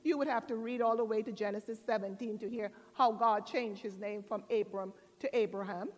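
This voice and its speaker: A woman pastor preaching a sermon, telling stories with drawn-out, expressive emphasis. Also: medium pitch. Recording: long church reverb.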